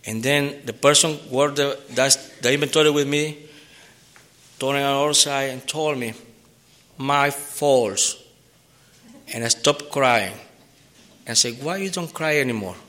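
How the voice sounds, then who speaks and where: A man giving an earnest personal testimony at a recovery meeting, halting, with repeated words and restarts. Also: mid-range voice, steady tone, a bit bright. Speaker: member sharing his recovery story.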